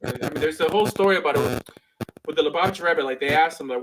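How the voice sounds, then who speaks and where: A man hosting a podcast, arguing in a casual, quick debate style full of fillers. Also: fairly high pitch, noisy background. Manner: quick, conversational, many fillers. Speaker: podcast host. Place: Miami Beach.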